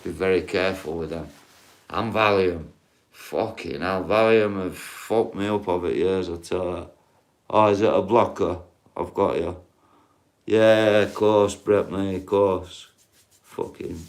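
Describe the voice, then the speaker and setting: A man rambles through stories on a casual livestream, swearing freely and calling out to viewers by name. His voice sits a little low. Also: steady tone, measured pace.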